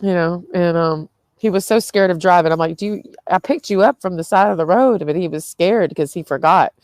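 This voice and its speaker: A young woman with a low, deep-set voice chats loosely to camera, tired and nursing a headache. She swears freely and breaks into laughter between her sentences. The sound is close and dry, with no room around it. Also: brisk, a little mellow, no echo. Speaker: vlogger. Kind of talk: casual rambling vlog.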